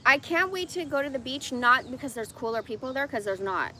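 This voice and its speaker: A woman's voice: high-pitched, lively intonation, fairly quick, sharp tone, a little hiss or hum. A woman in her forties ranting bluntly and profanely in a casual livestream monologue. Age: 40s.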